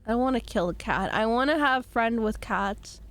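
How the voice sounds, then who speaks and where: A woman streamer chatting playfully with her audience while playing a game, her voice slightly hoarse from a cold. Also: fairly high pitch, normal speed, fairly bright tone. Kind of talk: casual game-stream chat.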